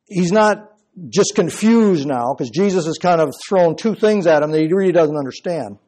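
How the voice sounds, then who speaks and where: Husky, mellow-voiced male preacher. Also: fairly high pitch, expressive, normal speed. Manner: emphatic, explanatory. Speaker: pastor. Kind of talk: expository sermon.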